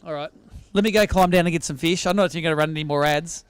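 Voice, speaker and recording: High-pitched, energetic Australian emcee. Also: male voice, clear, resonant tone, no echo. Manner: energetic, teasing, quick-talking. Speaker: weigh-in host. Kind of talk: live tournament emcee banter. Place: outdoor weigh-in stage at a sailing club.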